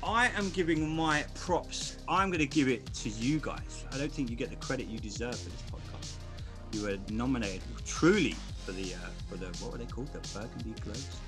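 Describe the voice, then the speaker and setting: A man's voice: mid-range voice, lively intonation, a little fast, over music. A man chatting enthusiastically as a guest on a podcast, often restarting his sentences. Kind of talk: casual podcast chat.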